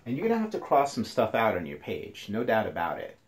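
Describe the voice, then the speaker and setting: A man with a deep voice teaches a classroom lesson, speaking slowly and patiently as he counts syllables out loud for his students. He moves around, so his voice sometimes drifts off the mic. There is faint room noise behind him. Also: huge pitch swings. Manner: slow, counts syllables aloud, talks to students. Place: indoors, near a passing train.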